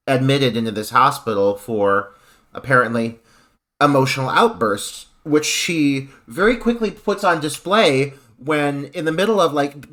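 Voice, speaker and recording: A man on a podcast panel, talking about a film in an animated, opinionated way with laughter. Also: mid-range voice. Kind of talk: casual film discussion.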